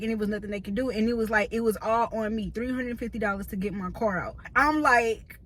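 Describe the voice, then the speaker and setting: A woman in her thirties telling a story in a casual, slangy, animated vlog, talking from a parked car. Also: a little high, fast talker, hardly any pauses, a little hiss or hum. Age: 30s. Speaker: vlogger. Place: parked car in a store parking lot.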